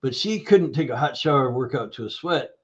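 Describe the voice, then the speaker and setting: A man telling a clinic story on a podcast, acting out the lines of the people in it. His voice sits at a middle pitch, and the recording sounds a bit dull and lo-fi. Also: brisk. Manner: animated storyteller acting out dialogue. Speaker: guest, nutrition practitioner. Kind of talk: storytelling interview answer.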